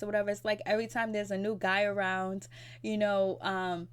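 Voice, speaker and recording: A woman's voice: medium pitch, level tone, a little fast, clean tone. A woman giving a casual, gossipy recap of a TV episode in a chatty retelling style. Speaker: TV recap vlogger.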